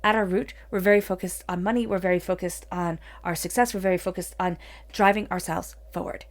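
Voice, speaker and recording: A woman's voice: on the low side, fairly even intonation, fairly quick. A woman giving a solo tarot reading in an earnest, encouraging manner, with many "you know"s. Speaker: tarot reader.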